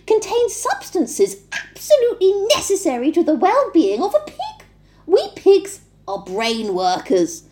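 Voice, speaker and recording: A woman reading a book aloud and voicing a smooth-talking male pig who pleads and persuades theatrically. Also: very high-pitched, a little mellow, pitched above the performer's own voice, exaggerated voice.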